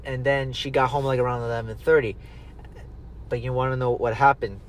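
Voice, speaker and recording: Here a young adult podcast host talks quickly in a mid-range voice that barely shifts in pitch. His casual storytelling drifts from tale to tale, full of quotes and open profanity.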